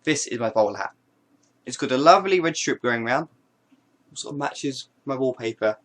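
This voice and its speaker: A man's voice: medium pitch, animated, normal speed, a bit bright. A man chatting casually to camera, showing his hats with playful, rambling jokes and asides. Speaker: vlogger. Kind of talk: casual show-and-tell to camera.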